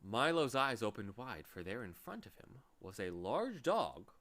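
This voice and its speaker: A man reading a children's book aloud as narrator, in an expressive, animated way. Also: medium pitch, unhurried. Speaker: reader.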